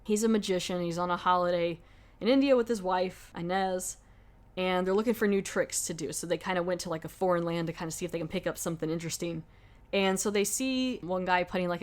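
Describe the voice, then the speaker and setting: Woman chatting casually about movies. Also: fairly low pitch. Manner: rambling retelling with lots of 'like'. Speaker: podcast host. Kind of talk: casual film review chat.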